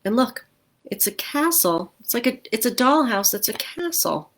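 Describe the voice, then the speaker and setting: A middle-aged woman librarian reading a picture book aloud to children, expressive and asking them questions. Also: a little high, normal speed. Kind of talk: storytime read-aloud.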